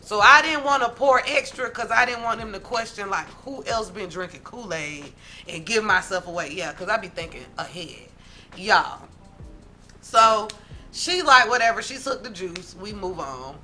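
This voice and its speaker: A woman vlogger telling a story from her teens in a casual, animated way, talking straight to her viewers. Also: medium pitch, normal speed, faint music behind. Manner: animated, dramatic, talks straight to viewers as "y'all".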